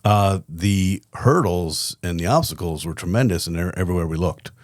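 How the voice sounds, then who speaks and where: Deep-voiced man telling a lively story. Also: moderate pace, no room sound, clean studio sound. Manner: lively, candid storyteller, blunt and profane. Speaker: company CEO guest. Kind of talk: storytelling in a podcast interview.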